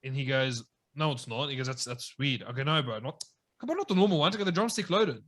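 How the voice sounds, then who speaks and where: Bright-voiced young Australian man. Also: mid-range voice, quick pace. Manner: laughing, rambling storyteller. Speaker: podcast host. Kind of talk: casual chat.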